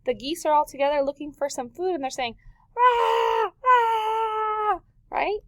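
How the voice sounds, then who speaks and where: A woman teacher giving a recorded vocabulary lesson to young children, animated and full of questions, stretching words for emphasis. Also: sits high, quick pace, no room sound.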